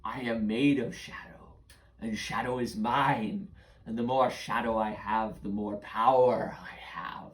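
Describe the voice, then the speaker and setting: A woman voicing a sly shadow creature that hoards stolen shadows, speaking in a slow raspy whisper. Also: rumbling low, fairly even intonation, roomy sound, pitched below the performer's own voice, low-quality recording. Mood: menacing whisper.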